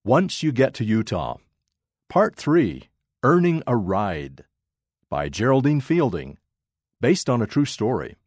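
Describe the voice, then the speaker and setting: A man narrating a children's story aloud with expressive, dramatic pacing. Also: mid-range voice, slow, pauses often, no echo, studio quality.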